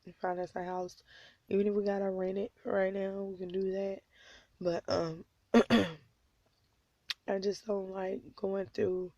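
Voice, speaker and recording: A woman's voice: mid-range voice, dark tone, no room sound, muffled recording. A woman, talking wearily about her troubles in a personal vlog, her throat a little sore. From born in North Carolina, raised in Oklahoma. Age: 20s. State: slightly sore throat, coughing. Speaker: vlogger.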